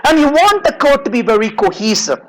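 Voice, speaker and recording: A man delivers a software design talk to a conference audience. His voice rises and falls a great deal. He slips into storytelling and acts out the exchanges in his anecdotes. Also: extremely high pitch, fairly quick, rough recording. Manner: animated storyteller, acts out dialogue. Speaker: conference speaker. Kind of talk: technical talk with personal anecdotes.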